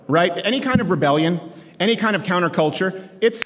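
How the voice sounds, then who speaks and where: A man in his thirties giving a joking, sarcastic campus speech to students, shouting his punchlines. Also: high voice, animated, a little fast. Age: 30s. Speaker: political commentator speaking to students. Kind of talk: stand-up style campus speech. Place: large lecture hall with a live audience. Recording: echoey hall, live crowd.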